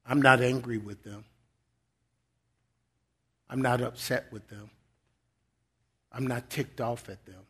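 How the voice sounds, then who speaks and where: A man voicing God, who speaks gently and tenderly to a believer in a hushed tone. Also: mid-range voice, fairly even intonation, slow pace, pauses often, husky, pitched below the performer's own voice, heavily acted.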